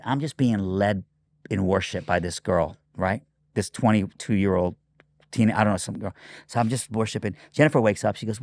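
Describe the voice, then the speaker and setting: A pastor from Iran telling a story in an interview, animated and full of fillers and acted quotes. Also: male voice, lowish voice, no room sound, studio quality. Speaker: pastor and guest.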